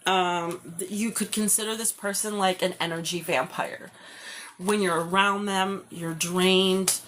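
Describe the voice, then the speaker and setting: A woman's voice: mid-range voice, fairly even intonation, a little slow, a bit bright, a little hiss or hum. A woman giving a live-stream tarot reading, talking in a loose, rambling way full of "like" and "you know". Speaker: tarot reader.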